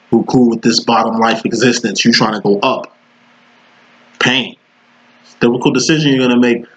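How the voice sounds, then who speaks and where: A man's voice: mid-range voice, muffled recording. Profane, rambling man reading tarot. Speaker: tarot reader. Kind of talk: casual tarot reading monologue.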